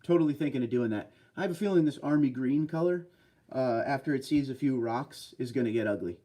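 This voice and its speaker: A man's voice: medium pitch, fairly quick, mellow. A man hosting a casual livestream from a desk chair at home, chatty as he reads viewer comments aloud and answers them. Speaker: livestream host.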